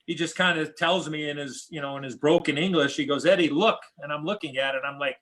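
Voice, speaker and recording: A man's voice: fairly high pitch, steady tone, quick pace, fairly bright tone. A middle-aged American man, a former hockey player, telling stories as a podcast guest, rambling with many fillers and restarts. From United States. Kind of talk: casual storytelling interview.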